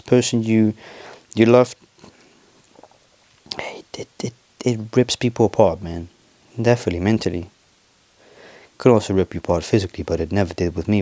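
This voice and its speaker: A young man hosting his own podcast, talking in a rambling, confessional way with lots of swearing and halting restarts. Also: fairly low pitch, warm tone, dry recording. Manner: confessional, emotional. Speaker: podcast host. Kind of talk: casual personal monologue.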